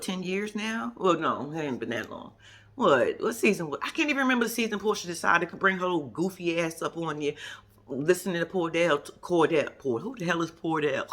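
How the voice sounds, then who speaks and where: A woman giving a casual, profane vlog recap of a reality show, sassy and animated, acting out the cast's lines. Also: fairly low pitch. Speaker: reality TV commentator.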